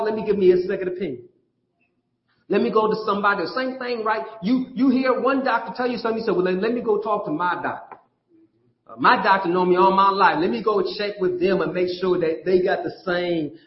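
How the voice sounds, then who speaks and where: A man with a high voice preaches earnestly and conversationally and repeats phrases for weight. The sound is dull and lo-fi and rings around an echoey church room. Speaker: pastor. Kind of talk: sermon.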